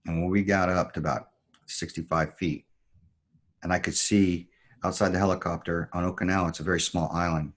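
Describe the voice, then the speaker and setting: A man who served as a Marine, a podcast guest, telling a story in a measured, reflective way. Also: deep voice, flat delivery. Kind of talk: storytelling in conversation.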